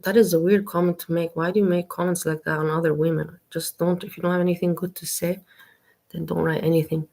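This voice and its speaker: Gravelly, low-voiced woman musing aloud. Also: little pitch movement, dark tone. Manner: slow, reflective, repeats herself while searching for words. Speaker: commentator reacting to a video. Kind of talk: casual reaction commentary.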